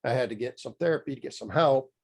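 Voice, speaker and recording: A fast-talking middle-aged man with a mid-range voice is a guest on a podcast, where he works as a mindset coach. He shares his story in a casual storytelling interview, candid and rambling, restarting often and using lots of fillers.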